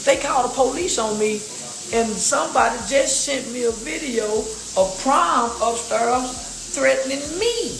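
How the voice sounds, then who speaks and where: Man, high-pitched, hyped profane livestream rant, loud and repetitive, echoey room, crowd behind. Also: unhurried, creaky. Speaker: content creator.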